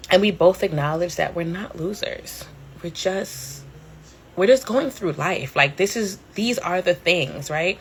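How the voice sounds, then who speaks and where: A woman's voice: lowish voice, fairly bright tone, slight background noise. A woman in her thirties talking candidly and casually to a live audience, rambling with plenty of fillers and swearing. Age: 30s. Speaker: podcast host. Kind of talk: casual storytelling on a live stream.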